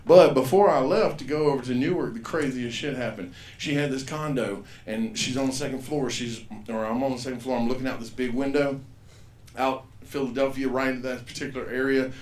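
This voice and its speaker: A man's voice: medium pitch, fairly even intonation, brisk, roomy sound. Profane man doing stand-up. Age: 50s. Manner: profane, rambling, acts out characters loudly. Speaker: stand-up comedian. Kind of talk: stand-up comedy set. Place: comedy club stage.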